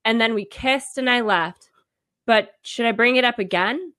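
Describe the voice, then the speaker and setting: Female podcast co-host, casual and chatty, slightly high, bright tone. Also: moderate pace. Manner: reads listener letters, chatty with many fillers. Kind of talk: casual chat.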